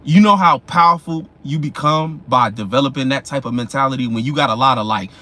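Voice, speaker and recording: A man in the middle pitch range talks through astrology advice in loose street slang, with plenty of swearing. He keeps checking in with "you know what I'm saying" and slips into quick voices for the people in his stories. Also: sharp tone. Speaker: astrology vlogger. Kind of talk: casual astrology commentary.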